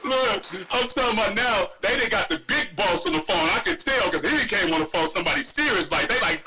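Animated high-voiced man telling a story. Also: fairly quick, hardly any pauses, poor audio. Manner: acts out voices, laughs often. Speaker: caller.

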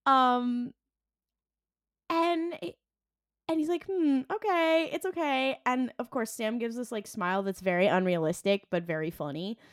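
A woman's voice: on the high side, normal speed, pauses often, no echo, clean studio sound. A young woman co-hosting a podcast, casually recapping a TV episode, acting out the characters' lines and laughing often. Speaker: podcast co-host.

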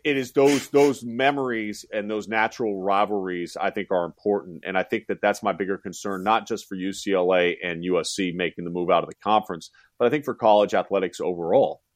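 A man's voice: sits low, dry recording, clean studio sound. A middle-aged American man, a college basketball analyst, talking animatedly in a casual podcast chat and acting out fans' voices. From United States.

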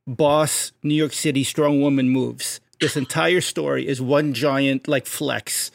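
A man's voice: mid-range voice, fairly even intonation, slow pace, gravelly, no room sound. A man co-hosting a podcast, hyping up a story with energy and acting out voices as he tells it. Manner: hypes stories up, acts out bits in jumpy voices. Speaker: podcast co-host. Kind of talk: animated comic storytelling.

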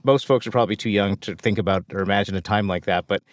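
A man's voice: lowish voice, fast, no echo, studio quality. A man in his forties, an enthusiastic startup founder telling stories as a podcast guest in casual conversation. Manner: enthusiastic, animated storyteller.

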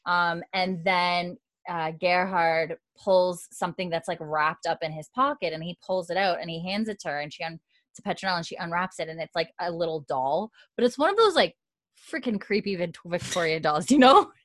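A young woman casually recapping a TV episode, laughing often and slipping into quick voices for the characters. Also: on the low side, dry recording. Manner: animated, laughing, acts out characters' lines in quick put-on voices. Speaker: podcast host recapping a TV episode. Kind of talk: casual chat.

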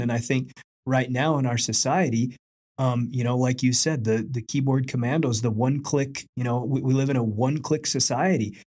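A man's voice: medium pitch, steady tone, a little mellow, breathy edge. A man who was once a police officer, talking reflectively in a casual chat, often restarting his sentences. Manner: reflective, halting, repeats his words.

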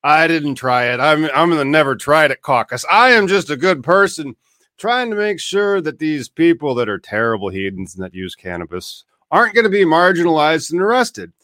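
A man's voice: a little high, sing-song, normal speed, pushed and bright, dry recording, clean studio sound, pitched above the performer's own voice. A man putting on the voice of a prim, self-righteous male lawmaker, whiny and defensive. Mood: sanctimonious.

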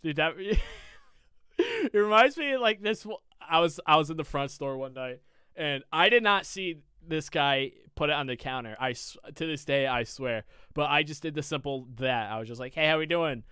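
A man's voice: fairly high pitch, expressive, normal speed, sharp tone, clear, resonant tone, dry recording, clean studio sound. A man co-hosting a casual podcast, telling rambling work stories with plenty of swearing. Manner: rambling storyteller, swears a lot. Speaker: podcast co-host.

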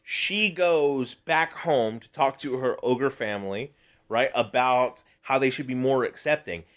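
A man's voice: mid-range voice, measured pace, fairly bright tone. Profane, riffing man on a podcast. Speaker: podcast co-host. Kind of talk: casual comedic chat.

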